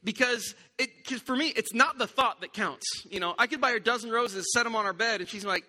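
A middle-aged male pastor delivers a sermon, mixing teaching with a relaxed family story. His voice sits high and rings with a very bright edge. A long hall reverb trails behind him. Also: fast, hardly any pauses. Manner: conversational storytelling with vivid quoted voices.

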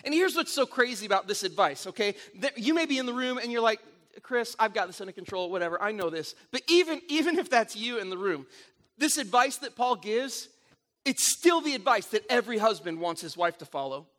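A middle-aged man preaching a sermon, telling stories in an animated way with frequent restarts. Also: extremely high pitch, a little fast. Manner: animated storytelling with repeated restarts. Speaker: pastor.

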